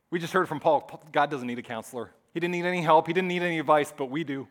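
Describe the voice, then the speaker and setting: A male pastor with a high voice delivering a sermon. He tells stories with animated energy, then drops to soft, hushed asides. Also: fast talker, few pauses.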